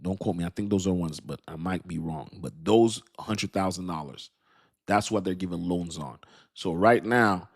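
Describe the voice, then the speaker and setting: A man hosting a casual livestream, talking in an animated, slangy way, laughing often and calling out to his chat. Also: low voice, normal speed, creaky. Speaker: crypto livestream host.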